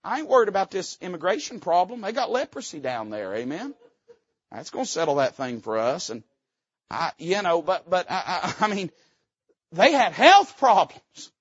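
A man preaching a sermon from the pulpit, folksy and fervent, swinging between loud rises and quiet dips. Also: high voice, very animated, moderate pace, breathy edge, no room sound, muffled recording. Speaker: pastor. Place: church sanctuary.

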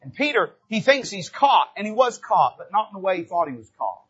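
High, husky-voiced preacher man. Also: very animated, a little fast. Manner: dramatic preaching, swings from soft low asides to loud emphatic rises. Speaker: pastor. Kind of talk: sermon. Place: church pulpit. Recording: dull lo-fi church recording.

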